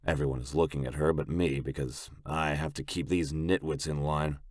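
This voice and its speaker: A man with a very low voice reads first-person audiobook narration in a gruff, blunt, brooding way. He is close on a studio mic, and the recording is dry with no echo. His voice stays low and heavy throughout. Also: steady tone, moderate pace, darkish tone.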